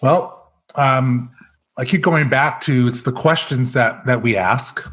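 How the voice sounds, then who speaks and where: An American executive coach tells stories during a podcast interview, animatedly acting out the quoted dialogue. He speaks at a medium pitch and takes it slowly.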